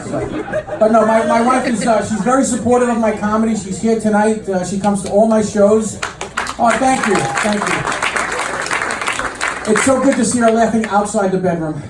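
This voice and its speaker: A new stand-up comic with a high male voice performs a set on a comedy club stage, telling stories deadpan with lots of fillers and restarts. He talks at a normal speed over a noisy crowd. The echoey club mic picks him up from a distance, with audience laughter and room noise behind him.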